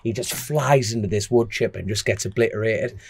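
A man's voice: lowish voice, fairly quick, gravelly, a little mellow, a little hiss or hum. A man, co-hosting a podcast and telling a rambling story in casual chat. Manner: rambling anecdote teller, blunt. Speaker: podcast co-host.

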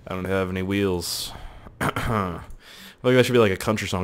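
A man hosting casual video game commentary, rambling, swearing and excitable. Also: deep voice, normal speed, long pauses. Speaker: host.

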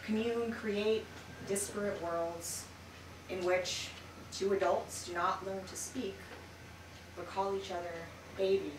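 A woman poet giving an expressive poetry reading in a bookshop, her loudness swinging dramatically between lines. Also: medium pitch, takes it slowly. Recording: roomy and distant with background noise.

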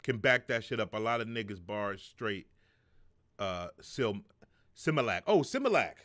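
A middle-aged man running a live stream keeps it casual: loose, profane, joking, reading chat messages aloud as the show's host. His lowish voice has lively intonation and a fairly bright tone, and his pace is a little slow.

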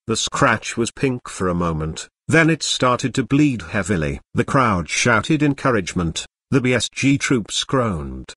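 A man's voice: medium pitch, sing-song, a little slow, hardly any pauses, fairly bright tone, breathy edge, no room sound, clean studio sound. A male text-to-speech voice reading an audiobook as narrator. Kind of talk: scripted narration.

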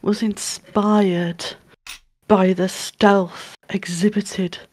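A woman playing in a tabletop game, speaking in a slow, measured way. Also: medium pitch, little pitch movement, a little mellow. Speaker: player. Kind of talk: casual chat at a tabletop game.

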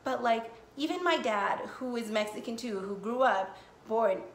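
A woman's voice: on the high side, expressive, moderate pace. Young woman telling a storytime in a roomy space. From United States. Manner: casual, swears often, heavy use of "like". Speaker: vlogger. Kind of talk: storytime vlog. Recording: echoey room, faint noise.

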